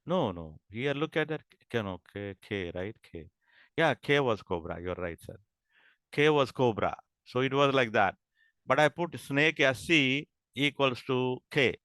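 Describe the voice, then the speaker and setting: Bright, crisp-voiced male lecturer. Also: medium pitch, lively intonation, dry recording. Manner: repeats and checks understanding, halting restarts. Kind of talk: classroom lecture. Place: classroom.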